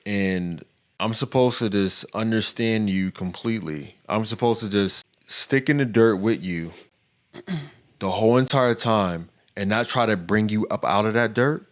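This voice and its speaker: A young adult man, a podcast co-host, talking candidly with his wife, halting and defensive, often restarting his sentences. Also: fairly low pitch. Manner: defensive, halting, repeats himself. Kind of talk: candid couple's conversation.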